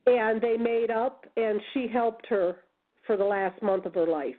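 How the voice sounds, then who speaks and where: A high-pitched woman tells her stories over a tinny phone line. She talks casually and with animation, slipping into the voices of the people she is quoting. She is from the United States. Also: unhurried. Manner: animated storyteller, acts out quoted voices. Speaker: guest. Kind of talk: casual storytelling on a call-in radio show.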